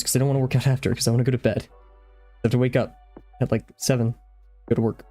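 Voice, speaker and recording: A man's voice: mid-range voice, little pitch movement, fast, pauses often, dark tone, faint music behind. A young man chatting casually on a live stream while he draws, out of breath, rambling and easily sidetracked.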